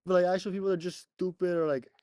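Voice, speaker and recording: A man's voice: high voice, steady tone, fast talker, dark tone. A young man casually telling a rambling story on a podcast, laughing often and swearing between many "like" fillers. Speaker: podcast co-host.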